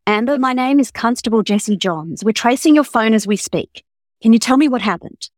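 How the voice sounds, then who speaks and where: A woman reading aloud as a female police constable questioning a victim, warm but firm and procedural. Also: a little high, expressive, fairly quick, no echo, clean studio sound, pitched above the performer's own voice, natural voice. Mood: calm.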